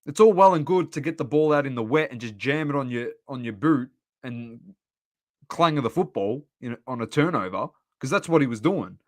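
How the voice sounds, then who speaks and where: A man with an Australian accent co-hosting a casual sports podcast, animated and laughing as he rants about footy. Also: mid-range voice, normal speed. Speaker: podcast co-host.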